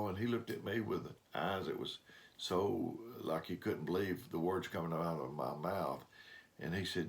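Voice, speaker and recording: A man's voice: deep voice, moderate pace. An older man giving a folksy devotional talk, telling homespun stories in a rambling way. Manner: rambling storyteller, homespun grammar. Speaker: preacher.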